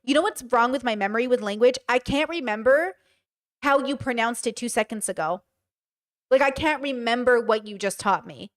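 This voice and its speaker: A woman's voice: a little high, moderate pace. A woman hosting a livestream, chatting casually about a video with lots of fillers and restarts. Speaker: streamer host.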